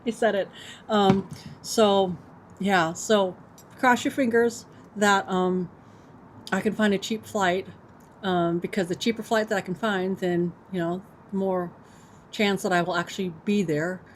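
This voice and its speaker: A woman's voice: mid-range voice, fairly even intonation, a little slow, slight background noise. A woman in her fifties hosting a casual livestream, chatting with viewers in a rambling way full of fillers, her microphone set off to one side on her computer. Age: 50s. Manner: chatty, rambling, many fillers, eating while talking. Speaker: livestream host.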